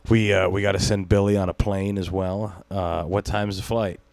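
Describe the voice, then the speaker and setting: A man with a deep, low voice hosts a casual podcast, rambling through loose banter, swearing freely and breaking into laughter. The sound is dry and close, with no room around it. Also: level tone, moderate pace, vocal fry, a little mellow, dry recording. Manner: rambling, profane, laughs often. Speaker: podcast host. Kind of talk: casual chat.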